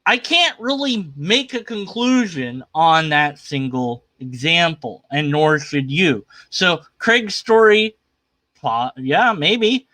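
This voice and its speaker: A man's voice: fairly high pitch, lively intonation, takes it slowly, sharp tone, dry recording. A man hosting a livestream, giving casual, skeptical commentary on a video in a rambling, argumentative way. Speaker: livestream host reacting to a video.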